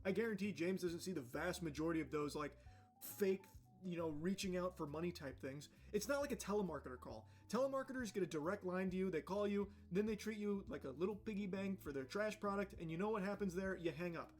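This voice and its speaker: A man's voice: high voice, fast talker, soft background music. A man giving blunt, ranting video commentary and swearing as he goes.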